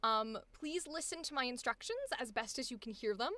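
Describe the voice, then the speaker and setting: A woman's voice: fairly high pitch, animated, a little fast, pushed and bright, no echo. A young woman coaching voice acting on a live stream, chatty and exclamatory with frequent laughter.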